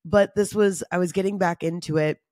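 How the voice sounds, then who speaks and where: A woman's voice: fairly low pitch, fairly even intonation, brisk, darkish tone, no echo, studio quality. A woman hosting her own podcast alone, talking candidly and confessionally, tired and run down, with casual laughs and the odd swear. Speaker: podcast host. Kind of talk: candid solo podcast talk.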